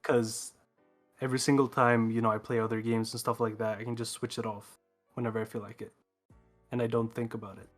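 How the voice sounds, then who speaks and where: A man whose voice runs through a voice changer, chatting easygoingly as an interview guest on a call. He is a Swedish native speaker from Sweden and talks in English. Faint music sits in the background. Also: fairly low pitch. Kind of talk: casual interview chat.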